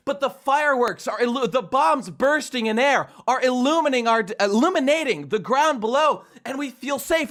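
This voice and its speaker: A man on a comedy podcast, telling a mock-patriotic story and breaking into shouted singing. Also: extremely high pitch. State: hoarse from shouting. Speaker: podcast host.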